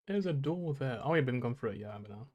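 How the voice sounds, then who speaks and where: A man's voice: medium pitch, lively intonation, quick pace, darkish tone. A young man casually commenting on his gameplay, rambling, swearing and laughing at himself. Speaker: streamer.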